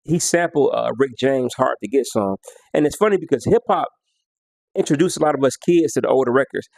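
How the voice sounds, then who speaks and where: A man's voice: medium pitch, expressive, a little fast, creaky, darkish tone, no echo. A man counting down his favorite songs in a casual, slangy way, half-singing lyrics and beats as he goes. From United States. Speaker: music vlogger.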